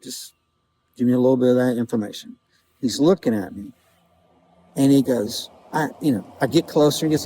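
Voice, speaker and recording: A man vlogging outdoors, telling a vivid personal story in a casual, halting way, with quoted dialogue. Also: medium pitch, dark tone, a little hiss or hum, rough recording. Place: outdoors outside a small-town grocery store.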